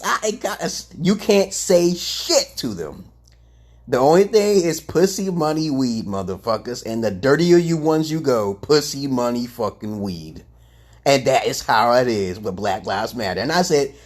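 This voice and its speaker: Husky profane man ranting loud then low. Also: sing-song, moderate pace. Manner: profane, confrontational, swinging between loud outbursts and low mutters. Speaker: livestream host. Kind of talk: ranting livestream monologue.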